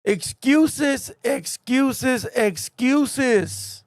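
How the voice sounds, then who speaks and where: Man, slow talker, dry close sound, mocking rant, live stream. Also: very high-pitched, animated, no room sound. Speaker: streamer reacting to a clip.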